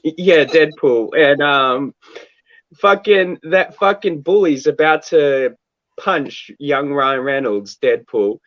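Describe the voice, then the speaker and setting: A man's voice: a little high, slow pace, fairly bright tone, no echo. A man in a casual livestream chat who swears freely and laughs as he rants. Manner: profane, laughing, rowdy. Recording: dull, dry lo-fi mic.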